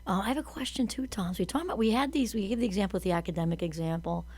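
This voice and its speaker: A woman co-hosting a casual podcast conversation, chatty and enthusiastic, quick to agree and to laugh. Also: mid-range voice, darkish tone, husky. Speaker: podcast co-host.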